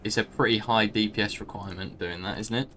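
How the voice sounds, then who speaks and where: A man leading a game raid over voice chat, calm and organizing, with polite fillers. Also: lowish voice, fast, a little hiss or hum. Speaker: raid leader. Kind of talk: casual voice chat.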